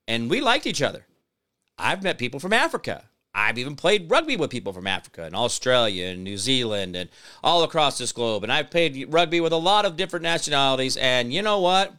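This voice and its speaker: A middle-aged man hosting his own show, reading an article aloud and mocking it, breaking into loud outbursts. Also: mid-range voice, smooth. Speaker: show host. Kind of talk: solo commentary reading an article.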